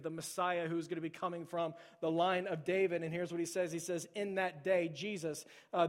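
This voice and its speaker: A pastor preaching a sermon, swinging from loud, urgent delivery to hushed near-whispers. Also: male voice, fairly high pitch. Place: church sanctuary. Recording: long hall reverb.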